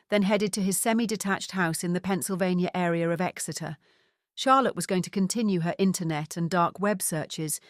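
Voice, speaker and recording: A woman reading a mystery novel aloud in a steady, even narration. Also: fairly low pitch, no room sound, clean studio sound. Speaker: audiobook narrator. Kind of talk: scripted narration.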